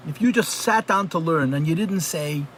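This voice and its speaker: High-voiced rabbi teaching a class. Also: male voice, moderate pace, fairly bright tone, slight background noise. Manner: conversational, repeats phrases for emphasis. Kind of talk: live online Chassidus lesson. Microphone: computer mic on a video call.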